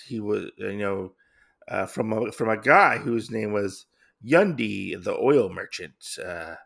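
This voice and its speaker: Man, podcast host, casual comic book recap, rambling, filler-heavy, gravelly. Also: on the low side, lively intonation, slow pace, a bit bright. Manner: rambling, lots of fillers and restarts.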